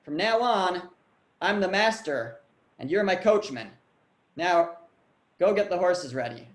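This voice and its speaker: A man's voice: sits high, expressive, unhurried. A man voicing a stern, threatening coachman who gives curt, commanding orders. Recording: echoey room.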